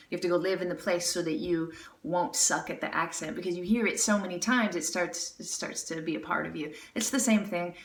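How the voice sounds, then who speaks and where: A woman's voice: on the low side, fairly bright tone. A woman teaching jazz singing, chatty and encouraging, breaking into scat syllables to demonstrate. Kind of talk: music lesson critique. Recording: roomy, a bit far from mic, with music.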